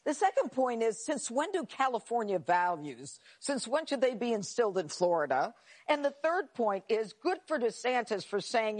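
A woman's voice: a little high, sing-song, normal speed. A woman on a TV panel, emphatically counting off her points. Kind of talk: TV panel debate.

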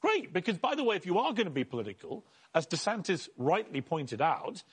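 Indignant British man, husky and lively. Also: a little high, fairly quick. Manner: animated, indignant, interrupts. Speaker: panelist. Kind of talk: heated TV panel debate.

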